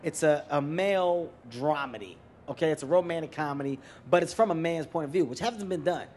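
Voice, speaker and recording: An animated comedian from Philadelphia talks emphatically at a live Q&A. His voice sits a little high. A faint hiss runs under the mic. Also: a little fast. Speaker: comedian guest. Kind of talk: moderated Q&A discussion. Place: live venue with audience.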